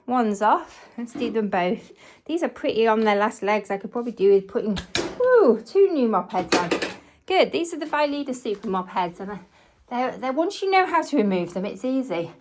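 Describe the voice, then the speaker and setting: A woman with a fairly high voice talks through her kitchen cleaning in a loose, chatty way, thinking aloud and cheering herself on. Clattering household noise and clicks stay clearly audible behind her. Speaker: cleaning vlogger. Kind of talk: casual chat while cleaning along in real time. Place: home kitchen.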